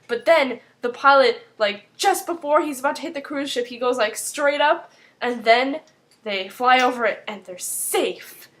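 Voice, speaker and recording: High-pitched and a bit bright, a young woman chats her way through a TV episode recap for her vlog. She leans on "like" constantly throughout.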